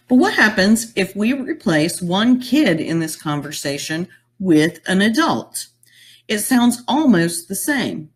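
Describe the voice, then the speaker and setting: Southern us lady teaching a lesson, real slow and careful, voice bounces up and down a lot. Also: medium pitch, big pitch swings, breathy edge. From Southern United States. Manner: slow, careful spelling-out of example phrases. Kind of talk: recorded lesson narration.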